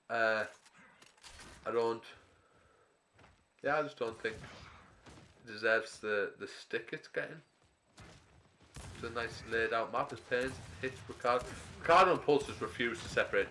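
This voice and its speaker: A man's voice: mid-range voice, pushed and bright, a little hiss or hum. Chatty man casting a live match. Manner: rambling, chatty asides between quick play-by-play calls. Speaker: esports caster. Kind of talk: live game commentary with casual chat.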